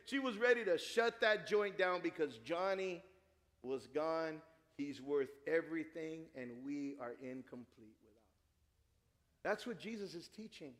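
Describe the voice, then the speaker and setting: A middle-aged man preaching a sermon, telling a family story with lively acted-out dialogue. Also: high-pitched. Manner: animated storytelling, acts out dialogue. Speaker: pastor. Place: church sanctuary. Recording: long hall reverb.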